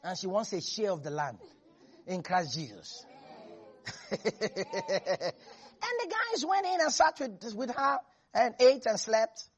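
A preacher giving a lively sermon, laughing often and calling on the congregation. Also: medium pitch, takes it slowly, pauses often. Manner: animated, laughing, calls on the congregation.

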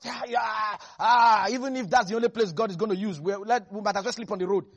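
A preacher delivering a lively sermon, laughing and acting out Bible characters. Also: mid-range voice, fairly quick, slightly rough, muffled recording.

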